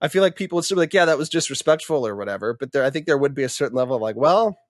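A man co-hosting a casual podcast chat, agreeing loudly and riffing with heavy swearing. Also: fairly high pitch, animated, rapid-fire, no echo, clean studio sound. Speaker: podcast co-host.

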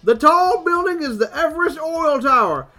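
This is a man playing a riverboat tour guide who announces the sights. His voice is pitched well above his normal talk and he speaks slowly, with a showy, drawn-out delivery, as in a comic read-along. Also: animated, sharp tone, soft background music, exaggerated voice. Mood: showy announcing. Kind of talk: podcast read-aloud of a comic.

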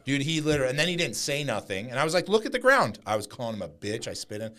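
A man's voice: mid-range voice, lively intonation, very fast, fairly bright tone. A young adult man telling brash, profane stories in casual podcast chat. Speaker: podcast guest.

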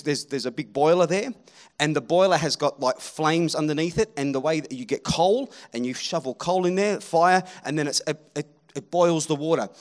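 A man with a fairly high-pitched voice preaches a sermon, animatedly rallying the crowd. He swings between loud calls and hushed moments.

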